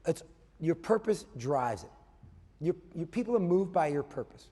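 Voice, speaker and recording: A man giving a motivational keynote as a business coach, animated, swinging between loud emphasis and hushed asides, often tagging points with "okay?". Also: on the high side, normal speed, husky. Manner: tags points with a questioning "okay?". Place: conference hall before a live audience. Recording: long reverb of a large hall.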